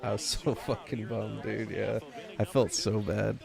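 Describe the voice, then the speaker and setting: A man's voice: fairly low pitch, level tone, unhurried, creaky, crowd noise. A young man co-hosting a podcast, telling a long story in casual profane chat with plenty of swearing and filler. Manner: rambling storyteller, swears a lot. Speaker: podcast co-host.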